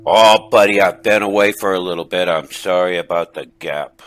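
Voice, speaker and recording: Man voicing brash chatty middle-aged guy, rambling, stammering, boisterous, deep voice, comedic voice message. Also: moderate pace, fairly bright tone, soft background music. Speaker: caller leaving a message for a friend.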